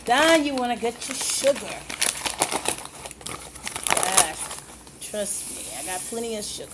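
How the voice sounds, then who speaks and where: Woman, home cook, high and leisurely, playful folksy patter, noisy kitchen sound. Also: lively intonation, slow. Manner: playful, folksy, chatty with the viewers. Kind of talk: cooking demonstration.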